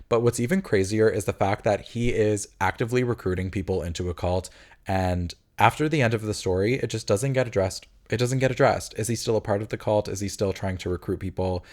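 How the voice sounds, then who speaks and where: A man reviewing a video game in casual, chatty fashion, with a voice that sits on the low side. He is sarcastic and opinionated, and animated in his delivery.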